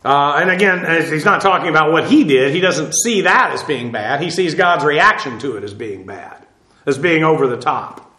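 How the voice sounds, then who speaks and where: A middle-aged man with a notably high voice, preaching and teaching through scripture in a plain, conversational way. He pauses often with fillers and restarts his phrases. His voice rings in an echoey room. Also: lively intonation, bright, forceful tone. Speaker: pastor. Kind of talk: sermon.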